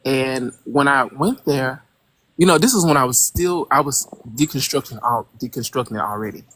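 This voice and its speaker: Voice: medium pitch, normal speed, dry recording. Hesitant caller full of fillers. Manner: hesitant, many fillers, searching for words, animated when incredulous. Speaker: caller on a call-in show. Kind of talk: casual call-in conversation.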